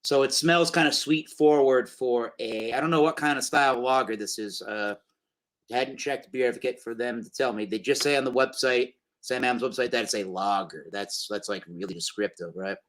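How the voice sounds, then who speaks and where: A man's voice: medium pitch, normal speed, fairly bright tone, low-quality recording. A man hosting a casual beer review show, rambling through tasting notes with plenty of fillers.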